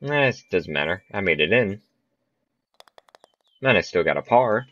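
Young guy with a really low voice chatting through a golf game, laughs at himself, kinda muffled dry recording. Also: lively intonation, a little slow, fairly bright tone, no room sound. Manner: chatty, self-mocking, laughs at his misses. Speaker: gaming channel host. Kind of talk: casual gameplay commentary.

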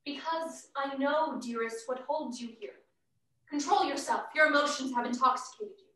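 A woman's voice: high voice, normal speed, sharp tone. A young woman playing a vain, theatrical actress mother. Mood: firm. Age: young adult. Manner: grand and scolding, then tender. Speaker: student actor. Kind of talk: stage drama over video call. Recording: echoey room over video call.

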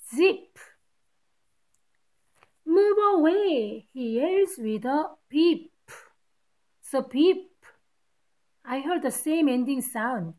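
With a high, slightly mellow voice, a teacher shares a picture book with kids. She reads patiently and stops to explain each of the rhymes.

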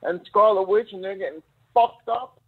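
A man's voice: sits high, moderate pace, creaky, husky. A man in casual live-stream chat, rambling and piling up examples as he talks. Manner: chatty, rambling, piles up examples. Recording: tinny phone line.

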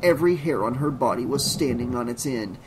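A man reading a horror novel aloud as an audiobook narrator, in a measured, suspenseful delivery. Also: medium pitch, background noise.

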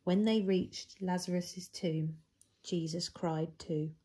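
A woman reading a Bible story to children at a church, with big jumps in pitch and loudness for emphasis. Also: steady tone, unhurried, slightly rough.

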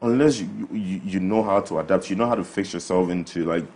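A man hosting a casual panel chat, talking in lively asides and laughing now and then. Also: low-pitched, brisk, slight background noise. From Ghana. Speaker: host.

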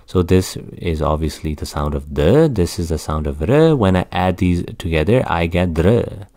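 A man's voice: deep voice, expressive, moderate pace, warm tone, no room sound. A man teaching the Punjabi script in an online lesson, explaining patiently and repeating words as he goes. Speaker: language tutor.

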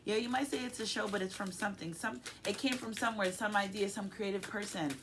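A woman's voice: mid-range voice, fast, background noise. A woman giving a casual tarot reading to her viewers, effusive and affectionate, often turning emotional and checking in with her audience. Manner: chatty, frequently checks in with "okay?". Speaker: tarot card reader.

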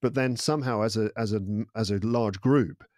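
English guy guesting on a podcast, thoughtful and lively, mid pitch, dead dry sound. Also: normal speed, no echo. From England. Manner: thoughtful, animated storyteller. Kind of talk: casual interview chat.

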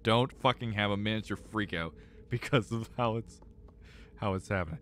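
A young man streaming a game and talking to his viewers, exasperated and swearing often, swinging from loud outbursts to low mutters. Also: normal speed, a little hiss or hum. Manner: exasperated, swears a lot, repeats himself when frustrated. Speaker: gaming streamer. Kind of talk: live gameplay commentary.

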